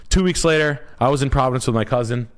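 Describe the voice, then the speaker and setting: A man's voice: medium pitch, fast. A man casually telling a long rambling story, swearing often and breaking into other people's voices. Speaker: storyteller on a talk show.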